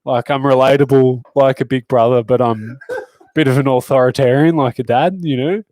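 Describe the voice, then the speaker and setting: A man's voice: mid-range voice, fairly even intonation, brisk, a little mellow, no room sound. Crude, joking Australian man, dry sound. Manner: crude, swearing, boastful joking. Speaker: guest fighter. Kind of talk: casual podcast chat.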